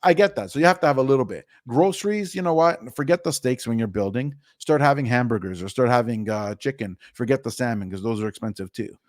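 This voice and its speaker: A man's voice: medium pitch, fast, few pauses, darkish tone, no room sound, studio quality. A man guest on an interview podcast, giving blunt, down-to-earth money advice with the odd swear word. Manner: blunt, down-to-earth, mildly profane.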